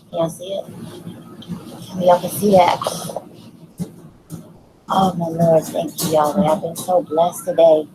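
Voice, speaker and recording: A woman filming her own vlog outdoors while walking her dog, full of awe, calling out in wonder and dropping into hushed whispers. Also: fairly low pitch, slight background noise, low-quality recording. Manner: awed, exclaiming, drops to hushed whispers. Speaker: sky-watching vlogger. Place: outdoors under open sky, walking a dog.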